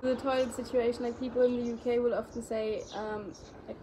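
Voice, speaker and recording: A woman's voice: fairly high pitch, flat delivery, fairly quick, noisy background. A young woman whose first language is German, chatting casually and rambling with many fillers. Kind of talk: casual chat.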